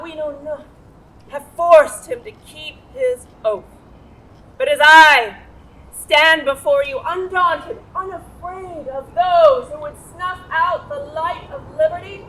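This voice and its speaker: An actress in a stage play playing a cold, scheming, power-hungry mother who speaks in a slow, commanding, controlled way. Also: high-pitched, fairly bright tone, rough recording. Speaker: stage actor.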